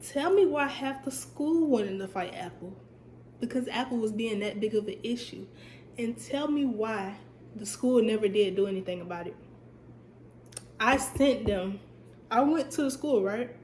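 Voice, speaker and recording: A woman's voice: fairly high pitch, a little slow, echoey room, slight background noise. A young woman telling a storytime on her vlog, chatty and emphatic, her voice a bit stuffy and cutting in and out. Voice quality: voice sounds stuffy, cuts in and out. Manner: chatty, animated, emphatic repetition. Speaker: vlogger.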